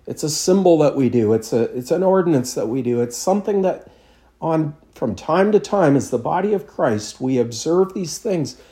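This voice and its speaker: A man's voice: fairly high pitch, warm tone. A man, a pastor, preaching a sermon in a conversational storytelling way with self-deprecating humor.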